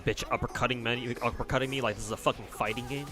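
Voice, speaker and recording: A man's voice: mid-range voice, steady tone, fast, over music. A man livestreaming a game, chatting casually and bluntly as he reads chat and plays, rambling and swearing freely. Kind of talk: casual commentary while playing and reading chat.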